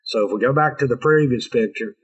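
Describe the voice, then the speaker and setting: A man's voice: medium pitch, fast talker, husky, poor audio. A man presenting an informal engineering lecture over a video call, chatty and joking with sarcastic asides. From North America. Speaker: presenter of an engineering training session.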